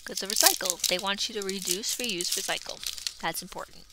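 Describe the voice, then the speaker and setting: A woman in a casual card-opening vlog, chatting and murmuring to herself, then bursting into excited squeals. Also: mid-range voice, brisk, heavy background noise. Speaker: YouTube creator.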